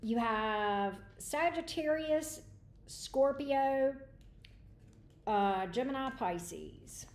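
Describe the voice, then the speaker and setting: A woman reads tarot on a livestream, chatting and calling out viewers by name. Her voice sits fairly high. She is recorded in a room with a noticeable echo. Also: lively intonation, drawn-out words. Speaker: tarot reader. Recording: echoey room.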